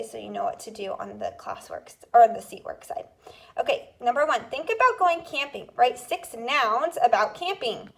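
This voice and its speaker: A woman's voice: high voice, vocal fry. A woman teaching a recorded second grade phonics lesson, explaining step by step and checking in with "okay?" as she goes. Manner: slow, patient explaining with repeated "okay?" checks.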